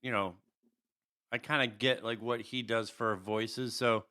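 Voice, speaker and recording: A man's voice: mid-range voice, fairly even intonation, a little slow, bright, forceful tone. A man co-hosting a podcast in casual chat, hesitant and repeating his words. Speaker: podcast co-host.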